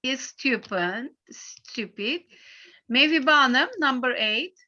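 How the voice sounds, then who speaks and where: A middle-aged woman with a Turkish accent teaches an English lesson, her voice high and bright. She speaks slowly and patiently, pausing on fillers, and the audio comes through a dull, lo-fi line. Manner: patient, halting explanations with many fillers. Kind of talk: online class teaching.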